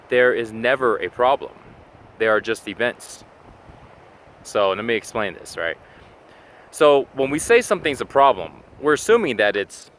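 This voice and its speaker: A man's voice: medium pitch, fairly bright tone. A man giving a casual motivational talk to camera, chatty and full of "you know", acting out everyday scenes as he explains. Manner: acts out little scenes in quoted asides. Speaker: fitness and self-help video host.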